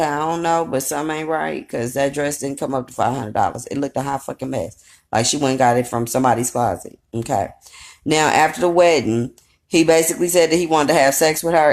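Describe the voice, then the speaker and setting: A woman recapping a reality show in casual, rambling commentary, blunt and profane with a sassy edge. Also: a bass voice. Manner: rambling with fillers and asides.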